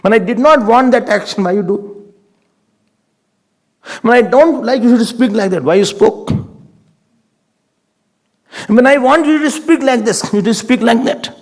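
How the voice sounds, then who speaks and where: A man's voice: extremely high pitch, unhurried, pauses often. A man with an Indian English accent giving a spiritual sermon as a swami, emphatic and repetitive, mixing in Hindi words. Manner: animated, emphatic, repeats phrases, mixes in Hindi words.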